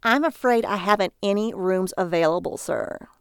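Brief: snooty male desk clerk, high-pitched, slow and clipped, read by a woman narrator. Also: gravelly, clean tone, no room sound, studio quality, close to an everyday voice. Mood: curt. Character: prim, rude male hotel clerk.

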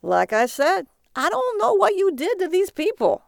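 A woman doing a loud, chatty male cabbie. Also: very high-pitched, huge pitch swings, moderate pace, gravelly, no room sound, studio quality, pitched above the performer's own voice, heavily acted. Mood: prodding. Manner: loud, eager, folksy. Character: chatty friendly male cab driver.

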